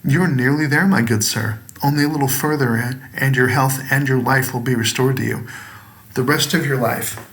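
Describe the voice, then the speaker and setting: A man voicing a small, sinister creature servant who speaks calmly, politely and coaxingly in a storybook reading. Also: medium pitch, normal speed, lightly acted. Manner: calm, courteous, coaxing.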